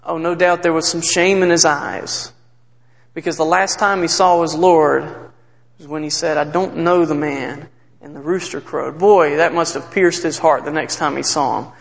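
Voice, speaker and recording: A man preaching a sermon, retelling scripture with earnest, emphatic storytelling that drops low and soft at sad moments. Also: fairly even intonation, moderate pace, creaky. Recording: long hall reverb.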